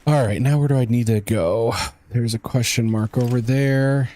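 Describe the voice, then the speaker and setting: A man's voice: mid-range voice, normal speed, dark tone. A young man streaming a game, rambling casually to his chat as he plays. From United States. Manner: rambling, chatty, talks to chat while playing. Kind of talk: casual gameplay commentary.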